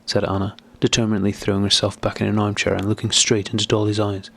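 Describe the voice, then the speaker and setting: A man narrates a classic novel with a steady, measured delivery. His voice sits low and has a gravelly fry running through it. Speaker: audiobook narrator. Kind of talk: scripted narration.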